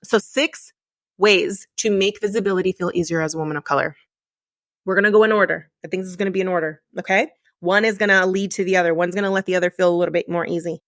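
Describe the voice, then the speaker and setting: A woman's voice: lowish voice, steady tone, quick pace, dry recording. A middle-aged woman speaks straight to her podcast listeners, open and heartfelt, with her feelings close to the surface. She leans on repetition to drive her points home. The close mic leaves her voice dry, with no room sound at all. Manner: emotional, candid, earnest; repetitive and emphatic. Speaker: podcast host. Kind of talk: solo podcast coaching talk.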